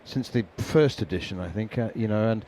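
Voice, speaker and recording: A man giving ball-by-ball radio cricket commentary, chatty and quick to laugh, with plenty of ums and uhs. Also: lowish voice, mellow, a little hiss or hum.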